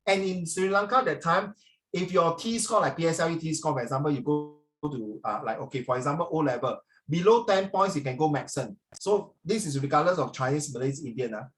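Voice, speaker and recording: A man with a Singaporean accent teaching a social studies class, animated and jokey, slipping into Mandarin and mimicking Singlish phrases. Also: on the high side, fairly quick. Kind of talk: classroom lesson.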